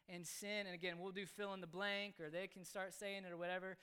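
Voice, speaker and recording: Man, father, casual explanation, earnest, halting, smooth clear tone. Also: sits high, little pitch movement, bright, forceful tone. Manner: earnest, halting, with frequent restarts. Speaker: father explaining his parenting.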